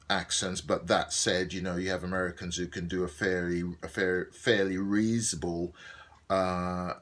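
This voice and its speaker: A man's voice: low-pitched, a bit bright. A middle-aged man with a Brummie accent talks through his day in a casual video diary, rambling with many ums and restarts. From Birmingham, England. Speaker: actor and video diarist.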